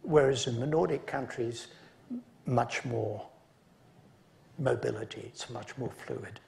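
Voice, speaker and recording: Gravelly man giving a conference lecture. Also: mid-range voice, darkish tone, a little hiss or hum. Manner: measured, with dry asides. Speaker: conference speaker.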